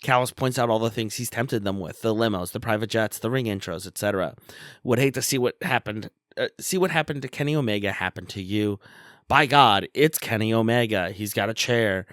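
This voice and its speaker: A man co-hosting a podcast, giving a brisk play-by-play recap of matches with small fillers. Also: fairly low pitch, fairly bright tone, no echo, clean studio sound. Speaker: podcast co-host.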